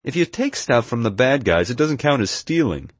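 A man's voice: mid-range voice, animated, a little fast, husky, no room sound, voice pushed up. A man voicing a big, strong, cocky teenage boy who talks smugly. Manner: smug, proud.

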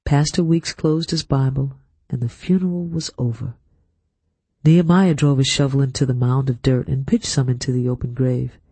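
Male audiobook reader, deep mellow tone, measured first-person storytelling, dry close sound. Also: fairly even intonation, slightly rough, no room sound. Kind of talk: scripted first-person narration.

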